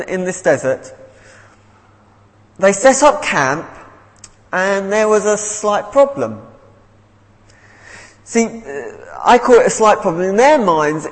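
Male preacher, earnest and unhurried, with a bouncy, animated delivery. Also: high-pitched, in a large hall, low-quality recording. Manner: earnest, repeats words as he goes. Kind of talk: sermon.

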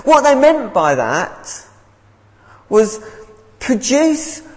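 Male preacher, earnest and unhurried, with a bouncy, animated delivery. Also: high voice, big-room sound, low-quality recording. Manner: earnest, repeats words as he goes. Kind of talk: sermon.

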